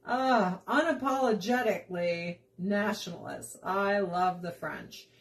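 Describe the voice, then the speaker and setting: Woman, cooking vlog host, unhurried talk, chatty, laughs a lot. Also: mid-range voice. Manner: chatty, laughs often, slips into playful voices. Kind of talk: casual chat while cooking.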